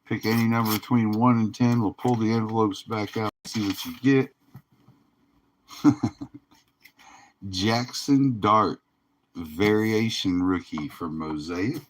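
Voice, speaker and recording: Weary male stream host, slow and easygoing, chuckles between card reveals. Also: on the low side, steady tone, a little hiss or hum. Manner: laid-back, drawling, laughs often. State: tired, yawning. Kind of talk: casual livestream commentary.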